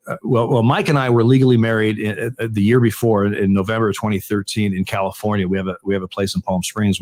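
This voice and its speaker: An older man, a retired umpire, tells stories in an interview, halting and repeating words, with frequent chuckles. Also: lowish voice, darkish tone, no echo. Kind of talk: conversational interview storytelling.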